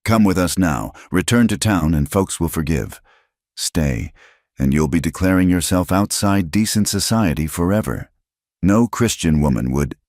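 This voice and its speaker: A man plays a stern frontier councilman who makes demands while sounding reasonable. Each line sits higher than the reader's very deep voice and moves a lot. The read is dry. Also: lively intonation, normal speed, a little mellow, no room sound. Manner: coaxing then demanding.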